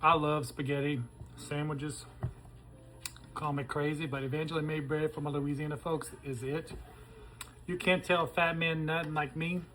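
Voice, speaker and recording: A chatty man hosts a home cooking show, talking straight to his viewers as he cooks and tastes. His voice sits a bit high for a man, and the sound carries a faint hiss. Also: level tone, moderate pace, sharp tone, poor audio. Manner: chatty and folksy, talks to viewers while tasting. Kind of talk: casual cooking demonstration to camera.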